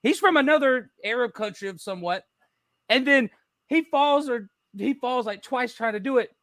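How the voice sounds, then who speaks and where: Man, casual podcast chat, high voice, bright tone, animated storyteller. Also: moderate pace, no room sound, studio quality. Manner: animated storytelling, acting out quotes, laughing often. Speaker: podcast co-host.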